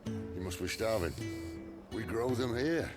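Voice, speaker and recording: An actor playing a wry middle-aged outlaw leader in a video game, easygoing and dry. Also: male voice, on the low side, a little slow, lightly acted. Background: game music.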